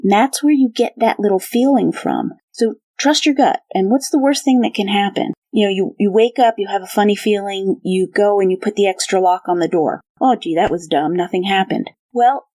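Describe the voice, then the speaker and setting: A woman's voice: mid-range voice, moderate pace, hardly any pauses, mellow, dry recording. A woman co-hosting a true crime podcast, explaining a case and urging listeners to trust their instincts. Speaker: podcast co-host. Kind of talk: true crime book discussion.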